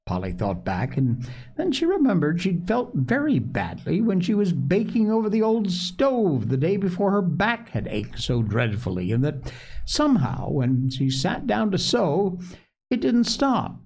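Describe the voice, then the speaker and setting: A man reading a classic children's story aloud, in an unhurried, expressive way. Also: high voice, slightly rough. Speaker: narrator.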